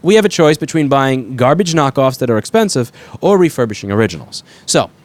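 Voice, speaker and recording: A man's voice: mid-range voice, big pitch swings, brisk. Feverish man ranting frankly to camera. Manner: blunt, frank and self-correcting, with occasional swearing. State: sick with a fever. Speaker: repair shop owner and video host. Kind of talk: casual rambling commentary to camera.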